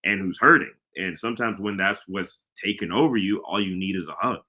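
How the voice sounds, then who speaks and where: Male co-host with a lowish voice, earnest and reflective, stammers into his points. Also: a little fast, pushed and bright. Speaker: podcast co-host. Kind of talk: casual podcast chat.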